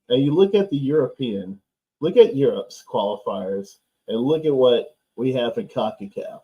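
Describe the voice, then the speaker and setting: Brief: male stream host, mid-pitched, mellow tone, profane sarcastic chatter, slightly lo-fi mic. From United States. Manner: loose, profane, sarcastic, laughs often. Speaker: host of live watchalong stream. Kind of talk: casual live-stream chat. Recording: slightly dull, lo-fi stream audio.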